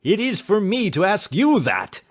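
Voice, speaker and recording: A man's voice: high voice, huge pitch swings, a little slow, pitched above the performer's own voice, full character voice. A man voicing a fat, burly villain who shrieks furious accusations in a storybook reading. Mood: shrieking rage.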